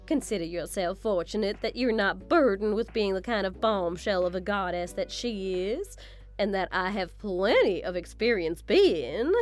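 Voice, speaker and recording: A woman's voice: mid-range voice, animated, normal speed, faint music behind, lightly acted. A woman voicing a vain, scornful mother-in-law in a scripted text-story drama, talking down to her daughter-in-law. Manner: condescending, self-admiring.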